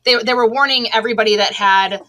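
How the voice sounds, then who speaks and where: Middle-aged woman, chatty, laughing, bright tense tone. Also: a little high, quick pace. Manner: chatty, laughing, many restarts. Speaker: guest, Amazon seller. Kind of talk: casual interview talk.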